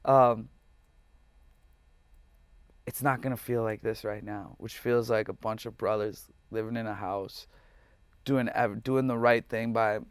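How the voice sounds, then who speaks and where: Gravelly man in a raw, heartfelt interview. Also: on the low side, fairly even intonation, measured pace, pauses often, no room sound. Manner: emotional, passionate, profane. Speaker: musician guest. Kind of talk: candid interview talk.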